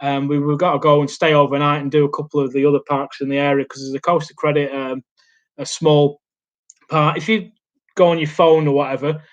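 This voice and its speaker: A man's voice: on the high side, little pitch movement, a little fast, lo-fi sound. Rambling man chatting at his laptop. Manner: rambling, hesitant, lots of ums and restarts. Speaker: YouTube host. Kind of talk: casual live Q&A chat. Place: small home studio indoors. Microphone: laptop mic.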